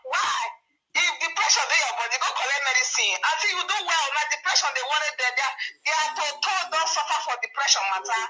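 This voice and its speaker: A woman with a Nigerian Pidgin accent, ranting bluntly and laughing loudly in a casual livestream chat. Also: sits high, fairly quick, rough recording. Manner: loud, laughing, brash and blunt.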